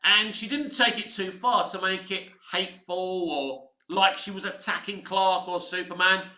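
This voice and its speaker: A man in his fifties rambles enthusiastically through his thoughts on a film. His voice is very bright and a little high for a man. The room around him is noticeably echoey. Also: unhurried. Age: 50s. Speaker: film commentator. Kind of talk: casual film commentary.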